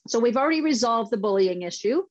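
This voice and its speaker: A woman's voice: on the high side, lively intonation, fast, no room sound, highs cut off. A woman from Canada, an author and sports organizer, speaking firmly and resolutely as an interview guest. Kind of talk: interview talk.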